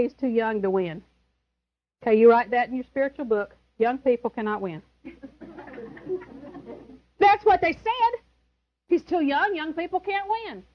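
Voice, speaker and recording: A woman's voice: high-pitched, muffled recording. A woman preaching a sermon, emphatic and chuckling, who repeats her key words.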